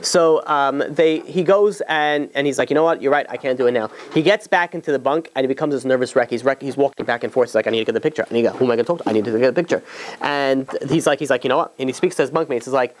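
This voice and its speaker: A man's voice: mid-range voice, fast talker. A man, a rabbi, telling a long story in a loose, conversational way, full of fillers and restarts. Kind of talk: storytelling talk.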